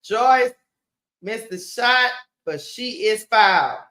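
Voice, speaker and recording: A woman hosting a live watch-party stream, calling a basketball game play by play in a casual, animated way and talking straight to her viewers. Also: a little high, slow. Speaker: sports stream host. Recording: roomy echo.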